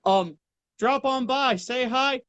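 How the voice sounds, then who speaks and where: A man's voice: very high-pitched, slow pace, fairly bright tone, clean tone, no room sound. An easygoing man chats casually as a guest on a livestream. He talks over a phone call and fills his speech with fillers. The sound is dry and close. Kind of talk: casual chat.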